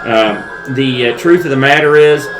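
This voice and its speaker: A man's voice: medium pitch, unhurried, over music. A man co-hosting a podcast in casual chat, joking and rambling. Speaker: podcast co-host. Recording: roomy with faint background noise.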